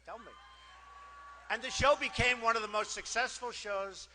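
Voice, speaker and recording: A man's voice: very high voice, fairly even intonation, moderate pace, bright, forceful tone. A man giving a campaign rally speech in a boastful, repetitive, conversational way, with many asides. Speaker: political candidate. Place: large rally hall. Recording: long hall reverb from PA.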